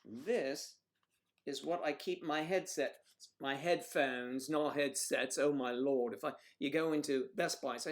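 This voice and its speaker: A man's voice: medium pitch, unhurried. A man hosts a casual livestream and rambles from one joke to the next. His manner is playful and loose, like someone chatting off the cuff with viewers. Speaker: livestream host.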